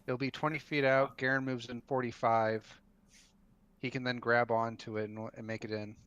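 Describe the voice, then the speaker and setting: A man's voice: mid-range voice, little pitch movement, normal speed, fairly bright tone, clear, resonant tone, no echo, dull audio. A man playing in a tabletop game, laying out plans plainly. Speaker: player. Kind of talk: casual table talk.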